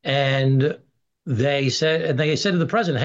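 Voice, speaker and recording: A middle-aged man, a congressman guest on a radio interview, arguing in a forceful, emphatic way. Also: medium pitch, unhurried. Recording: dull lo-fi radio sound.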